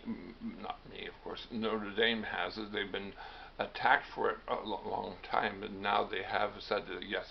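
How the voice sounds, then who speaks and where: Gravelly man rambling wryly. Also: mid-range voice, a little hiss or hum. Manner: rambling, wry, self-deprecating asides. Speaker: host. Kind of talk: comedic monologue. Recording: dull lo-fi recording.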